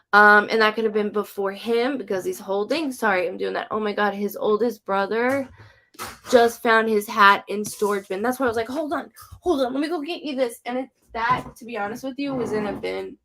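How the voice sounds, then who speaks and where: Chatty woman medium with a creaky voice. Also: mid-range voice, fairly bright tone. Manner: chatty and rambling, frequent "like" and "um"; relays spirit messages to viewers. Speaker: psychic medium. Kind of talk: casual live-stream readings.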